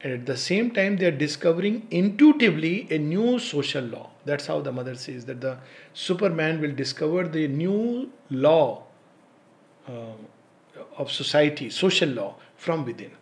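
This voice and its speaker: Reflective man, fairly high voice. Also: expressive. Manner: thoughtful, laughs often, slow deliberate recitation. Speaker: spiritual teacher and speaker. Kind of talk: reflective spiritual talk with poetry recitation.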